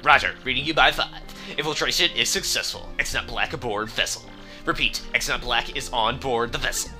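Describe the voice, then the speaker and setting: A man voicing a covert male spy, reporting in a clipped, low radio-call manner. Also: a little fast, bright, forceful tone, soft background music.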